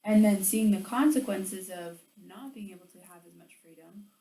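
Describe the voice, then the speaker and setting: A woman leads a motivational training session in a casual, animated way. She slips into little acted-out quotes and uses plenty of "like"s. Her voice sits at a middle pitch and comes from some distance, in a roomy space with a faint hum behind it. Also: moderate pace. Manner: animated, chatty, many "like"s, acts out quotes. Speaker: sales team trainer. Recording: roomy echo, distant mic, faint ambience.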